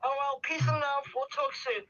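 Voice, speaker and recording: A woman's voice: high voice, fairly even intonation, unhurried, distant mic. Woman on a tinny phone line. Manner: warm, affectionate sign-offs. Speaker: phone caller. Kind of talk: casual phone chat. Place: Los Angeles.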